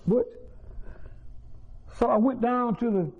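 Man, high-pitched, testifying in church; emotional storyteller with restarts, tinny phone-like recording. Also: takes it slowly, breathy edge. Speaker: church member giving testimony. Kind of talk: personal testimony.

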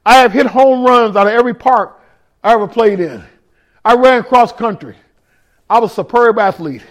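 High-voiced man preaching an emotional testimony. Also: moderate pace. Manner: raw, emotional storytelling with a street-casual delivery, rising to shouts; addresses listeners directly in the room. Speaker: ministry speaker giving testimony. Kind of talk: testimony sermon to a congregation.

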